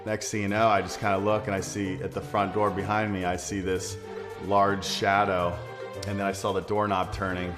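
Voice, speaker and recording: A man telling an animated personal anecdote as an interviewed local resident, acting out his reactions. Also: low voice, normal speed, over music. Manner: lively storyteller, acts out his reactions.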